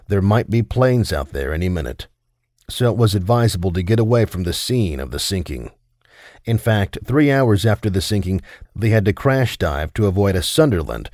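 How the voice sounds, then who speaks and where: A man with a very low voice reads an audiobook in a measured storytelling manner, voicing the dialogue briefly. The recording is dry and close, with no room sound. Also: a little mellow, no room sound. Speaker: audiobook narrator. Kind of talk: scripted narration.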